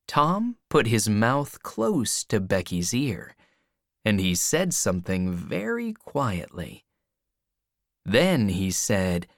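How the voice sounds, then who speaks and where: Woman narrator, low voice, very slow and clear reading, lively pitch, dry close sound. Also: dry recording. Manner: slow, clear graded-reader delivery. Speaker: reader. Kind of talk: scripted storybook narration.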